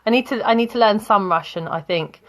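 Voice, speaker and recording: A woman's voice: mid-range voice, brisk, a bit bright. Woman, English teacher, friendly, chatty, asks questions. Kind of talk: live online grammar lesson.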